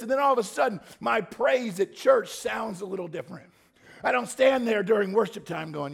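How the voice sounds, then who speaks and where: A man preaching a sermon to a congregation, talking casually and joking with them, then building up to fervent shouted pleas. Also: high-pitched, lively intonation, a little fast, gravelly, husky. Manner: swings from soft asides to fervent shouted pleading prayers. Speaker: pastor.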